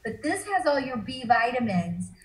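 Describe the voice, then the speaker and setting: A woman in casual chat who eagerly demonstrates drinks and products and talks fast. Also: high-pitched, big pitch swings, echoey room, low-quality recording. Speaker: guest showing products.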